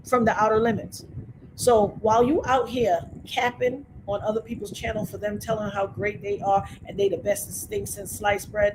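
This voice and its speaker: A woman's voice: medium pitch, flat delivery, moderate pace, very noisy. A woman hosting a livestream, talking straight to her viewers in an emphatic, preachy way. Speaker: livestream host. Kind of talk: casual livestream rant to chat.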